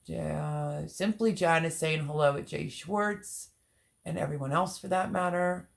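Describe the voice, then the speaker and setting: A woman's voice: sits low, unhurried, gravelly. A woman hosting a live stream, chatting casually and reading out viewers' comments while greeting them by name. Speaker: livestream host.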